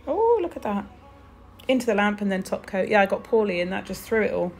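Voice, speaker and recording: Fast and gravelly but steady, a British woman's medium-pitched voice carries a casual nail polish tutorial as she demonstrates swatches. She gushes with little exclamations, with faint music in the background.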